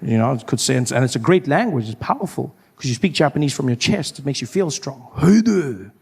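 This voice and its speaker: A man from South Africa with a South African accent, doing animated stand-up storytelling and breaking into loud acted outbursts. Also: medium pitch, fast, a little hiss or hum. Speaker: stand-up comedian.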